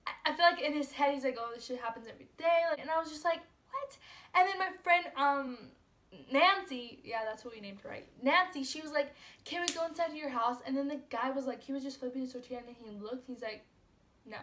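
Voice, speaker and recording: A woman's voice: high-pitched, quick pace, fairly bright tone. A young woman vlogger telling a personal story in a casual, filler-heavy way, full of "like" and "you know". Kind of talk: storytime vlog.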